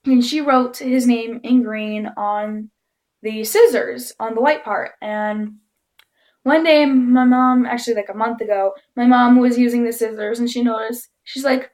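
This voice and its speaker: In no hurry, a woman with a voice on the high side tells her camera a story in a laid-back, chatty way. She giggles often and brings other people's words to life by acting them out.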